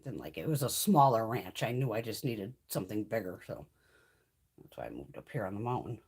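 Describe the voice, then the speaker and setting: A woman hosting a casual beauty livestream, chatting with viewers, swearing freely and coaxing her cat in a high sing-song voice. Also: expressive, brisk, darkish tone, slightly rough.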